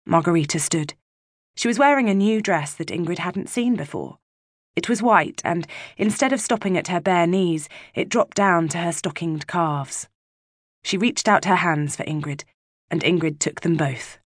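A woman narrating a novel as an audiobook reader, measured and even, close to the mic. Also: fairly low pitch, no room sound. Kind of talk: scripted narration.

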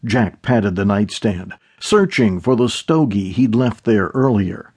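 Husky male audiobook narrator. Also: on the low side, expressive, a little slow, darkish tone. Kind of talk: scripted narration.

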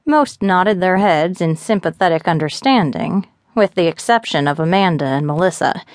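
A woman narrating a romance audiobook in a steady, even storytelling manner. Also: on the low side, normal speed, dry recording, clean studio sound.

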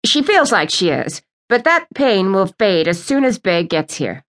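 A woman's voice: mid-range voice, very animated, a bit bright. Woman reading as a scoffing elderly witch aunt. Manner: brisk, scoffing.

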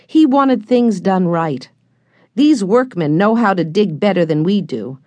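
Storybook: a woman doing a steady, sensible teen boy, slow and calm. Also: medium pitch, no room sound, lo-fi sound, natural voice.

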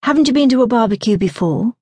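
A flustered, polite young woman trying hard to be patient, her voice lifting brighter and higher when she speaks, as a woman narrator reads her. It is a close, dry recording. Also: animated, quick pace, slightly rough, no room sound. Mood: coaxing. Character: harried young woman serving at a party, polite but strained. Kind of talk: audiobook narration.

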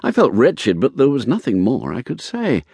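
Brief: male narrator, first-person novel read, animated delivery, dry booth. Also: medium pitch, moderate pace, gravelly, slightly rough, no room sound. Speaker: audiobook narrator.

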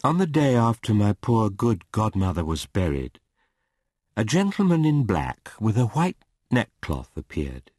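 Male audiobook narrator, low voice, animated inflection, measured and expressive. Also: no echo, studio quality. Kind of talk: dramatic audiobook reading of a classic novel.

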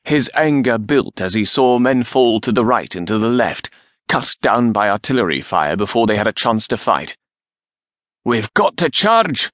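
A man narrating a historical novel in a measured, steady reading. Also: fairly low pitch, dry recording. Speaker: audiobook narrator.

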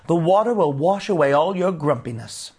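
A man voicing a cheerful, gentle young husband with a playful, coaxing way of talking. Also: a little high, expressive, normal speed, husky.

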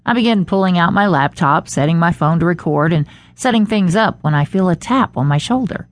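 A woman's voice: lowish voice, animated, fairly quick, dry recording. A woman narrating a first-person audiobook with an intimate inner-monologue manner, recorded close on a studio mic.

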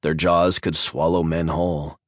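A man reading a science fiction audiobook in measured, dramatic scripted narration on a close studio mic. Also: very deep voice, level tone, dry recording.

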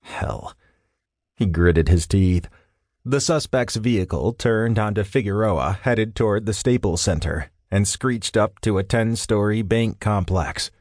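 A man narrating a fiction audiobook in a steady, measured studio read. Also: on the low side, dry recording. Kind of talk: scripted narration. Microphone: studio microphone.

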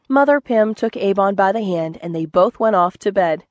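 A woman narrating a children's book in a gentle, clear storytelling manner. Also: medium pitch, expressive, normal speed, hardly any pauses, no room sound. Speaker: audiobook narrator.

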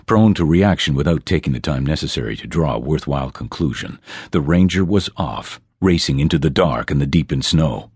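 A man's voice: rumbling low, expressive, brisk, darkish tone, husky, dry recording. A man narrating a fantasy audiobook in a dramatic storytelling manner, recorded on a close studio mic.

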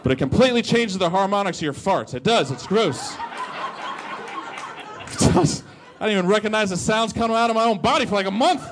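A man's voice: high-pitched, animated, brisk, crowd noise, background noise. A man doing a crude, playful stand-up comedy set. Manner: crude, playful, swooping delivery.

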